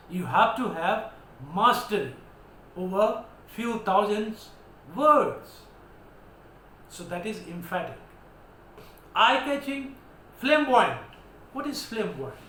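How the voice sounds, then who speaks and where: Indian guy teaching english words, high voice, really emphatic, roomy echo + a little noise. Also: a bit bright. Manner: emphatic, declamatory, spells words out letter by letter. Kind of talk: vocabulary lesson. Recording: echoey room with faint background noise.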